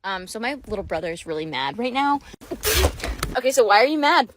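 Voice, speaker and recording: A woman's voice: mid-range voice, very animated, a little fast, very noisy. A young woman talking casually to camera, chatty and teasing as a big sister. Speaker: TikTok creator.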